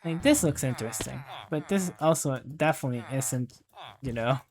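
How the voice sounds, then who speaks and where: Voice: medium pitch, lively intonation, moderate pace, a little mellow. Rambling young gaming host. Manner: rambling and self-deprecating, heavy use of "like". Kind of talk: casual gameplay commentary.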